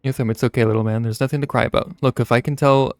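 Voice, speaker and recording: A caring young forest watcher, brought to life as a man reads a game's dialogue aloud without much change to his voice. The tone is gravelly, set in a video game story. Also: medium pitch, fairly even intonation, fast, no room sound, close to an everyday voice. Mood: gentle.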